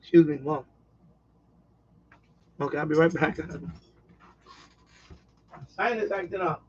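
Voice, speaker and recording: A man's voice: fairly high pitch, slow, darkish tone, slightly rough, dull audio. A man chatting casually on a live stream at home, rambling and repeating himself with lots of fillers. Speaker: radio hobbyist live streamer. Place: at home, quiet house.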